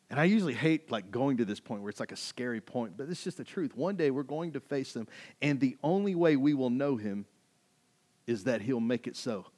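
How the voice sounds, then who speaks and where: A male pastor delivers a sermon in an emphatic, conversational way, leaning on rhetorical questions. His voice sits in an ordinary middle pitch. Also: expressive, normal speed, pauses often, a little mellow.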